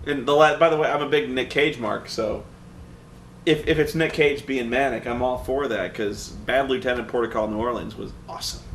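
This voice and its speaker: A man chatting casually about movies he saw, lively and laughing, often acting out scenes in mock voices. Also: mid-range voice, normal speed. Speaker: co-host reviewing movies. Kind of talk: casual movie review chat. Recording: echoey room with faint noise.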